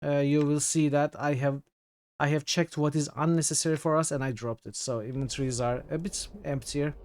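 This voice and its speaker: A man's voice: a little high, fairly even intonation, fairly quick, a little mellow. A man streaming a game casually, reading the game text aloud and greeting his chat. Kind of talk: casual game livestream commentary.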